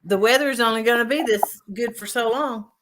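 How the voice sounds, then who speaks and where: A woman's voice: on the high side, normal speed, background noise. A woman hosting a casual fishing livestream, reading out chat names and greeting viewers. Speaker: livestream host.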